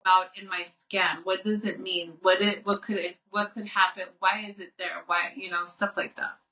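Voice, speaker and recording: A woman's voice: medium pitch, little pitch movement, moderate pace, sharp tone, far from the mic. A woman co-hosting a podcast in casual chat. She talks earnestly, restarts often and repeats her words. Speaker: podcast co-host. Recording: muffled audio, off-mic.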